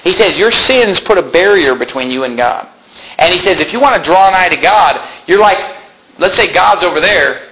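Male pastor, sermon delivery, bright cutting tone, slightly high voice, emphatic swings in volume. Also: expressive, normal speed, poor audio. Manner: emphatic preaching with sudden loud peaks and quiet drops. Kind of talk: preaching a sermon.

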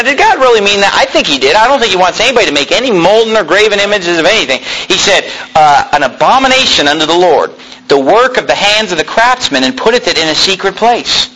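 Pastor guy yelling his sermon, high voice, sharp bright sound. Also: a little hiss or hum, poor audio. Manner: loud, yelling preaching style. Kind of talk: fiery sermon. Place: church room without a sound system.

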